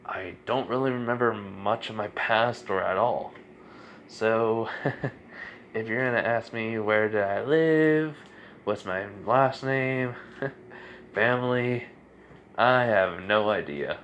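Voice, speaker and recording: A man's voice: lowish voice, slow pace, long pauses, a bit bright, slight background noise. A man doing a laid-back young swordsman. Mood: easygoing. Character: young male swordsman, amnesiac and easygoing.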